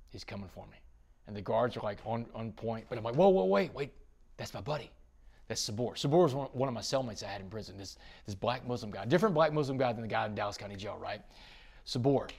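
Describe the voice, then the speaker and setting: Telling a dramatic tale as a podcast interview guest, this man from Texas speaks in a lowish, creaky voice. Now and then his storytelling rises into excited bursts.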